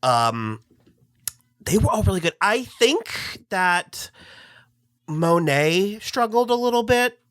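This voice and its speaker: A co-host with a mid-range voice talks through a show in a casual reaction chat. The delivery is enthusiastic, often rising sharply when excited, and sometimes hunts for the right word. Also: mid-range voice, slow pace, pauses often, clear, resonant tone, no room sound, clean studio sound. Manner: enthusiastic, searching for words.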